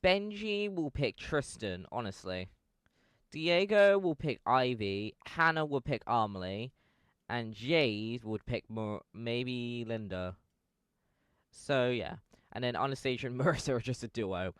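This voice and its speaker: A man's voice: mid-range voice, measured pace, fairly bright tone, smooth, dry recording, studio quality. A young man giving casual fan commentary, rambling and correcting himself with lots of fillers.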